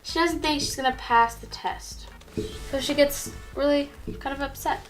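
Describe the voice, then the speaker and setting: On a rough recording, a high-voiced woman co-hosting takes her turn continuing a story while she draws. She speaks at a moderate pace, easygoing and self-correcting, chuckling at her own slips.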